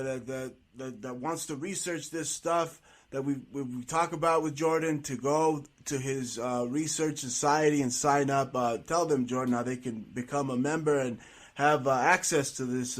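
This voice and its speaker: A man's voice: medium pitch, normal speed. A man hosting an interview, talking eagerly with lots of restarts and stammers. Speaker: interview host. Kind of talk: conversational interview.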